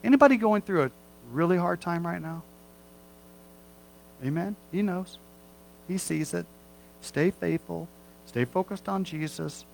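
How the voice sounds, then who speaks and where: A man's voice: high-pitched, measured pace, gravelly, pauses often, darkish tone, slight background noise, low-quality recording. A middle-aged man preaching a sermon as pastor, in a folksy, conversational way with humorous asides.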